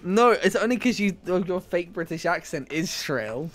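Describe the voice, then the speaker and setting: A man's voice: high-pitched, lively intonation, unhurried. A young man playing along on a gaming stream from his room at home, talking in a dry, teasing, laid-back way. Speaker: co-player on stream. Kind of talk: casual chat while gaming.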